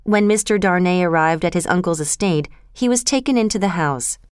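A woman narrating a classic storybook tale in a measured, clear way. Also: on the low side, dry recording, clean studio sound. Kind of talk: storybook reading of a classic novel.

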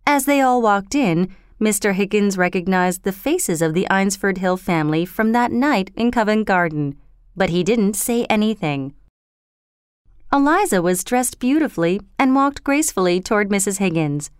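A woman narrating a storybook in an expressive, steady reading voice. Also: medium pitch, moderate pace, smooth, dry recording, clean studio sound.

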